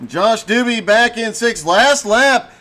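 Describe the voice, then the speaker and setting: A man doing brisk play-by-play commentary on a sim race, with a voice he says is giving out. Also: extremely high pitch, expressive, pushed and bright. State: losing his voice.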